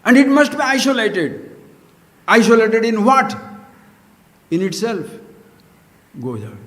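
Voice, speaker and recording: Guy giving a spiritual talk, high voice that jumps all over, hall echo. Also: big pitch swings, slow pace, fairly bright tone. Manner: emphatic and questioning, uses Sanskrit terms. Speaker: spiritual teacher. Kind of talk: spiritual discourse. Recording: echoey hall.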